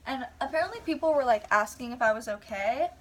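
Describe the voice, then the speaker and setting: A woman's voice: fairly high pitch, expressive, fast talker, fairly bright tone, recorded from a distance. A young woman vlogger rambling casually through a personal story, full of "like"s and whispered asides.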